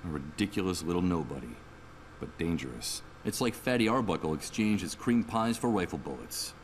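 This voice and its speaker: This deep, lively male voice comes a bit quickly, with a faint hiss or hum behind it. It belongs to an actor playing a sardonic, troubled game hero who thinks aloud over the soundtrack with wry inner monologue.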